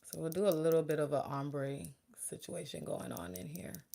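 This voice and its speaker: A young beauty vlogger and makeup artist chats casually with her viewers while doing her makeup, her low, creaky voice moving at a normal speed. She's chatty and animated, talking to both viewers and chat.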